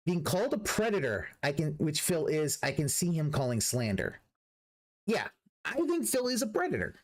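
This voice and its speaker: Man, livestream reaction, profane ranting, very lively pitch, restarts sentences. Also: moderate pace. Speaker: streamer.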